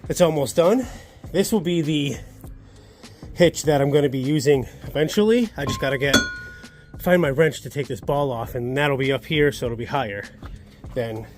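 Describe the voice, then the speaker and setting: A man's voice: fairly high pitch, expressive, moderate pace, over music. A man talking casually on a DIY vlog about his own project, upbeat and chatty in a garage workshop. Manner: upbeat and chatty, self-assured. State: a little out of breath. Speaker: channel host.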